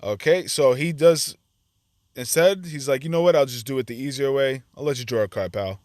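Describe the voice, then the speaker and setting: A chatty man talks through his card game match in a relaxed, conversational way. His voice sits at an ordinary middle pitch. The sound is dry and close to the mic. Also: moderate pace, no echo. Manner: chatty, acts out his own reactions to the opponent. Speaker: gaming channel host. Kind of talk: casual gameplay commentary.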